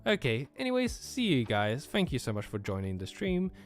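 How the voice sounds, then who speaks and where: A man's voice: medium pitch, huge pitch swings, normal speed, faint music behind. A man with an American accent, raised in Australia, chatting casually on a live stream, reading out chat questions and laughing often. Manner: laughs often, easygoing, trails off with fillers.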